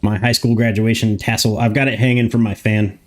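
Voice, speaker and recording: A man's voice: lowish voice, flat delivery, fairly quick. A young man live streaming from a room in his home, chatting casually, grumbling to himself and swearing often.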